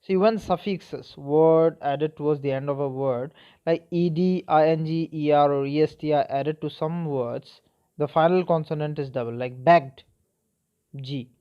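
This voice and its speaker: A man with a fairly high voice teaches spelling rules to a class. He spells words out letter by letter and keeps checking whether the class understands. The recording sounds dull and lo-fi. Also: measured pace. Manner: spells words letter by letter, asks "okay?" and "clear?". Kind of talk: spelling lesson.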